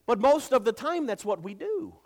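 High-voiced preacher delivering a sermon. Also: male voice, animated, moderate pace. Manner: preaching with emphatic rises and repeated phrases; repeats words when speaking casually. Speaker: pastor.

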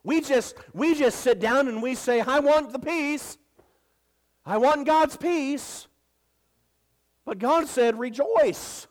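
A pastor in his thirties preaches a sermon in an extremely high voice, taking it slowly and pausing often. He builds to emphatic repeated lines, then turns chatty and stumbles when telling family stories, repeating words as he talks casually.

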